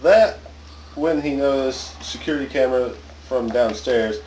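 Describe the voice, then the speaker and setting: A man's voice: medium pitch, a little slow, darkish tone, echoey room, distant mic, a little hiss or hum, rough recording. Laid-back man reading a bit off-mic. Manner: casual, stumbling, laughs often. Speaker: story reader. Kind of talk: joking comedic reading aloud.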